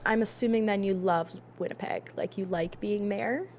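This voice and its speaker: A woman's voice: mid-range voice, moderate pace, darkish tone, a little hiss or hum. Rambling, talkative woman podcast co-host. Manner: rambling, talkative, trails off and restarts. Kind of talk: casual podcast chat.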